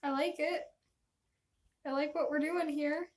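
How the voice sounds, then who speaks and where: A woman's voice: high voice, fairly even intonation, a little slow. A young woman chatting casually on a live stream, rambling and self-deprecating.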